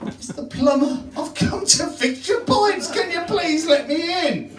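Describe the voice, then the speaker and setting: A man's voice: very high-pitched, animated, measured pace, voice pushed up. A man doing a dim, pleading plumber. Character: dim-witted adult male plumber, patient. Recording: echoey room from far off.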